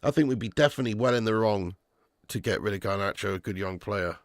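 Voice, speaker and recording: A man hosting a live football watch-along, calling the play and reading chat, excitable and swearing freely. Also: fairly low pitch, quick pace, no room sound, studio quality. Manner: excitable, swears, jumps from play calls to chat shout-outs. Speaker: fan channel host.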